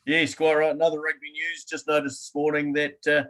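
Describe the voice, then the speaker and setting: A man's voice: on the high side, monotone, a little fast, fairly bright tone. A man co-hosting a sports podcast, with a dry, understated manner in casual chat. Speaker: podcast co-host.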